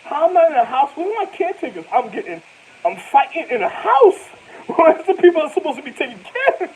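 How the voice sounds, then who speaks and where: Man, casual vlog storytelling, lively swinging pitch, laughs a lot, street slang. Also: a little fast, rough recording. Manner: animated, laughs often while telling stories; loose, rambling street slang. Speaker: vlogger.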